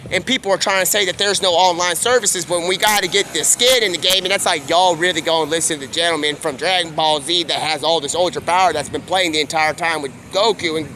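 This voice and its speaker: A man streaming live, telling a rambling, improvised stream-of-consciousness story and slipping into quick quoted voices. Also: fairly high pitch, sharp tone, a little hiss or hum.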